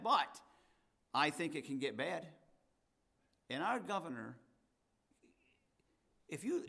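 A man preaching a sermon as pastor, reading scripture slowly and turning to chatty asides with his congregation. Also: on the high side, sharp tone.

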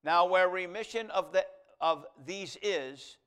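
A male preacher giving a sermon, reading scripture aloud and moving from quiet asides to loud, emphatic declarations. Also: high-pitched, slow pace, smooth. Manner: reads scripture aloud in King James wording.

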